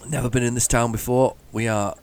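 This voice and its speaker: A man's voice: medium pitch, fairly even intonation, fairly quick, a little hiss or hum. A man giving chatty, mock-heroic commentary while playing a driving game. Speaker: gaming channel host. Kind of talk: casual gameplay commentary.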